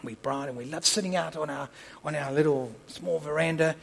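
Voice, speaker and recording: A man preaching, telling a story and acting out its dialogue, moving between soft asides and loud impassioned peaks. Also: fairly high pitch, fairly quick, gravelly, slight background noise, rough recording. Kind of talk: storytelling sermon.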